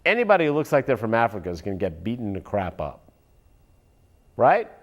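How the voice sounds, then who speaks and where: A man's voice: lowish voice, huge pitch swings, brisk, muffled recording. A man ranting sarcastically in political commentary, often turning aside to address an unseen listener.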